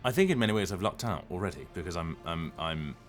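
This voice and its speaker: A voice actor chatting casually on a live stream, rambling and hesitant with lots of ums and restarts. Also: male voice, low-pitched, animated, quick pace, soft background music.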